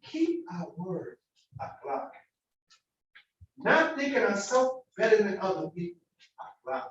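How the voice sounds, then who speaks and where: A man's voice: high voice, very animated, slow, muffled recording. A man giving an informal sermon in a mosque hall, preaching in a casual, slangy way and acting out everyday dialogue. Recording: echoey hall, distant mic, faint noise.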